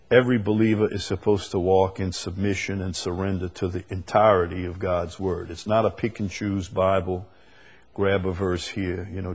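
A man gives a verse-by-verse Bible lesson to a group in a low, slightly husky voice. He is earnest and circles back to repeat key phrases, and he slows down to read each scripture passage. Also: a little mellow. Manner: speaks to a live group. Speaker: Bible teacher.

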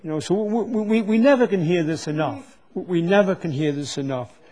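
A man's voice: high-pitched, brisk, dark tone. A man preaching a sermon to a live congregation, teaching from the Bible and often stopping to repeat words as he searches for them.

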